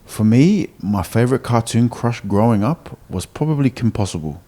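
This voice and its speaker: A man's voice: mid-range voice, expressive, moderate pace, dark tone. A young man co-hosting a casual podcast, joking and rambling with fillers. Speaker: podcast co-host, rugby player. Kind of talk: casual chat.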